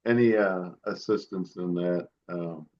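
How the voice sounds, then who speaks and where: A middle-aged man on a podcast, voice pitched low, talking in a relaxed, rambling way full of pauses and restarts. His audio comes through dull and lo-fi, like a remote call. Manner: rambling, hesitant, many fillers and restarts. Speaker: podcast co-host. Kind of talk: casual chat.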